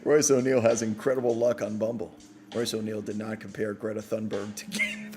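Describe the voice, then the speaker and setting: Male host, lower register, playful and self-mocking in loose chat; soft music bed underneath. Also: wildly swooping pitch, a little fast. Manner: playful, teasing banter. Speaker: podcast host. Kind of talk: casual live postgame chat.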